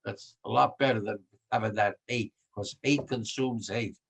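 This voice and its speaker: Gravelly old man, rambling and emphatic. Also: on the low side, steady tone, normal speed, low-quality recording. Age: 90s. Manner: rambling and emphatic, with frequent restarts; gets emotional about his subject. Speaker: World War Two veteran, interviewee. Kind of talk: conversational interview.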